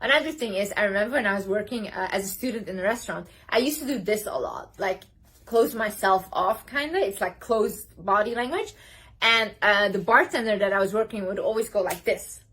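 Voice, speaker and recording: A woman's voice: mid-range voice, a little fast, a bit bright, husky. A young woman giving a casual, emphatic motivational talk to camera, gesturing as she speaks. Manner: emphatic, talks with hand gestures.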